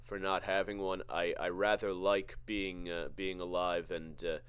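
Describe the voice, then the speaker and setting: Sweary sarcastic dude ranting on his podcast, low voice, super dry mic. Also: level tone, fairly bright tone, smooth, no room sound. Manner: profane, sarcastic, halting restarts. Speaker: podcast host. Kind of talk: comedic rant.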